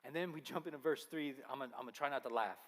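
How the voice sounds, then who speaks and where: A man's voice: medium pitch, racing, a bit bright. A man preaching a sermon as pastor, earnest and firing off rhetorical questions. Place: church sanctuary. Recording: long reverb of a church hall.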